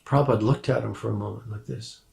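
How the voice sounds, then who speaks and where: A man telling a story in a measured way, dropping quiet at moments. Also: steady tone, vocal fry. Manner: measured, drops to a soft low voice. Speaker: disciple recalling his teacher. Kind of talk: reminiscing anecdote.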